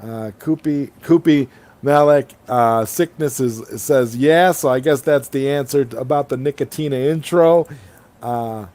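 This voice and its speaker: A man's voice: medium pitch, unhurried, darkish tone. Rambling, enthusiastic male stream host. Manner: reads viewer comments aloud, rambling and enthusiastic. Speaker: livestream host. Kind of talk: casual late-night chat. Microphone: online streaming call.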